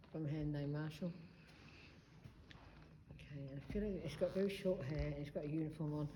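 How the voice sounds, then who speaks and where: A woman's voice: low voice, dark tone, slight background noise. A woman working as a medium, musing hesitantly as she calls out to a spirit inside a church. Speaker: psychic medium. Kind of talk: paranormal investigation chat. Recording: echoey church room.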